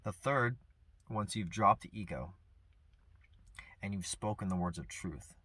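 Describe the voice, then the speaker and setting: A man speaking earnestly and reflectively about grief and forgiveness, soft-spoken with pauses. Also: lowish voice, animated, husky. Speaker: vlogger sharing personal grief. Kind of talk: reflective personal talk.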